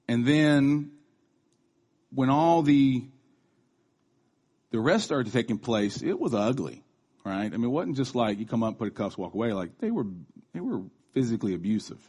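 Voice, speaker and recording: A man's voice: medium pitch, lively intonation, normal speed, a little mellow, husky. A man in his thirties giving a casual, conversational sermon, chatty, with restarts and asides. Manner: acts out quoted voices. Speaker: preacher.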